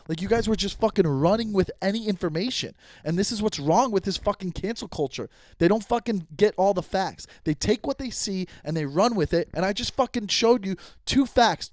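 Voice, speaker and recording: Male comic podcaster, high-pitched, cursing, worked up, dry close mic. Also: dry recording. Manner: profane, heated ranting, swings loud to muttered. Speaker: comedian podcast host. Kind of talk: solo podcast rant. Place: Los Angeles.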